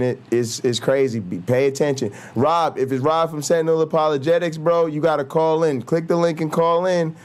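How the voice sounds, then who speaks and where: A man's voice: medium pitch, darkish tone, clean tone. A man hosting a livestream, joking and talking straight to his chat in casual slang. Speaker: livestream host.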